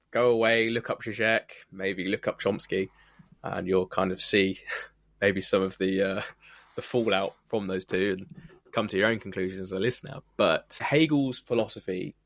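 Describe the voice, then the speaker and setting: A man's voice: on the low side, no room sound. A man co-hosting a podcast, talking through ideas thoughtfully and building his points with examples. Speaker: podcast co-host. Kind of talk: reflective podcast conversation.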